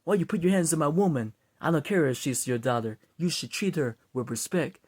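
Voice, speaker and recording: A relaxed young boyfriend, done by a man in his own voice. He is easygoing and loving, and sometimes half-raps a line. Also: a little high, brisk, dry recording. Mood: confronting.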